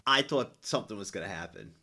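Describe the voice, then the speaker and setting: A man's voice: on the low side, lively intonation, fast, music in the background. A man streaming, reacting to clips in a casual, stammering way, swearing and laughing.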